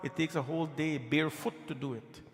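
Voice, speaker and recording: A man's voice: on the high side, fairly even intonation, brisk. A man giving a devotional sermon in a temple, telling stories in a folksy, conversational way with repeated phrases. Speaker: preacher leading a scripture reading. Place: temple hall. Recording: echoey temple hall with long reverb.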